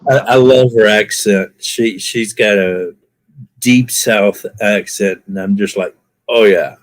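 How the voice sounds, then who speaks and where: A man from Alabama on a live panel, telling stories in an animated way, acting out his reactions and laughing at himself. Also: lowish voice, slow, no room sound. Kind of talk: casual chat.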